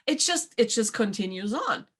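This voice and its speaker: A woman hosting a talk show, chatting in a casual motivational way and acting out quoted voices with lively swings. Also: a little high, a little slow, husky. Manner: animated, acts out quoted voices. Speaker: podcast host.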